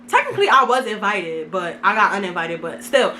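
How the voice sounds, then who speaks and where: A woman's voice: mid-range voice, very animated, brisk, hardly any pauses, sharp tone, slight background noise. A young woman from Brooklyn, telling a casual storytime in a slangy, self-mocking way. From Brooklyn, New York. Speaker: vlogger. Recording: echoey room.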